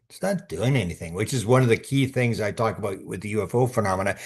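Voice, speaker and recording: Older man, low voice, rambling guest storyteller who keeps restarting his sentences. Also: quick pace, hardly any pauses, slightly rough. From Canada. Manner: rambling, full of restarts and repeated words. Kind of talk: storytelling in conversation.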